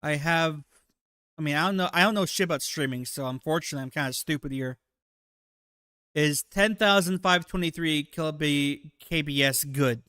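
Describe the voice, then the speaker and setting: Streamer guy, rambling crude commentary, fairly high voice, dead-dry mic. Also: normal speed, bright, forceful tone, clean tone, no echo. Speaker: livestream host. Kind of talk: casual livestream commentary.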